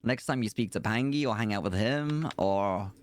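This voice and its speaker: A man in casual role-play chat during a game stream, giving advice in an animated, playful way with big pitch swings. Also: moderate pace.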